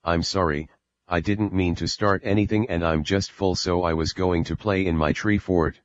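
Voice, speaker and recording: Deep-voiced man reading a scared little kid saying sorry, dry lo-fi audio. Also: steady tone, moderate pace, no echo, natural voice. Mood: timid. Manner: quiet, apologetic. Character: scared timid four-year-old boy. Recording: dull lo-fi recording.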